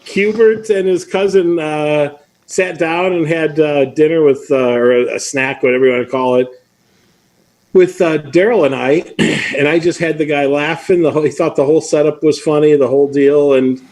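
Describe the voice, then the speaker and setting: A man's voice: a little high, fairly even intonation, normal speed, a little mellow. Chatty man hosting a live stream. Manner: chatty storyteller with playful teasing. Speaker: host. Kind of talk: casual chat on a livestream.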